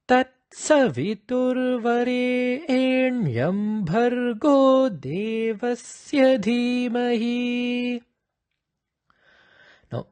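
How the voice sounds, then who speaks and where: A man teaching the pitch accents of a devotional chant, explaining slowly and patiently and chanting drawn-out higher examples. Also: darkish tone, breathy edge, dry recording.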